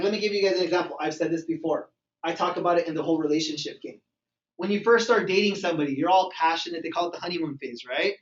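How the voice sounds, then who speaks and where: A man giving an energetic sales training talk to a group in a meeting room, acting out phone calls and dialogues. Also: high-pitched. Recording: echoey room, far from mic, dull sound.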